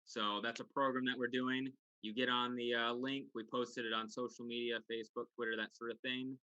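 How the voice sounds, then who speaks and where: A man co-hosting a podcast by video call, explaining a fundraiser in a brisk, casual way. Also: medium pitch, flat delivery, pushed and bright, clean tone, no echo, highs cut off. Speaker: podcast co-host. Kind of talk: casual chat.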